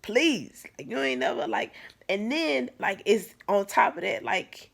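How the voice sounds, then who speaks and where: A woman's voice: medium pitch, animated, moderate pace, gravelly. A woman telling a painful personal story to camera in a casual, candid way, full of fillers and restarts. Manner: conversational, many fillers and restarts, swings from soft to emphatic. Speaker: vlogger.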